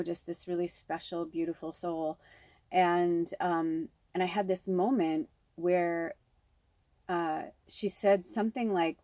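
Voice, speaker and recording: Low-voiced woman medium talking casually. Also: dark tone, dry recording. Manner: rambling, full of "like" and "you know". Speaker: spiritual medium. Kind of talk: casual spiritual reading monologue.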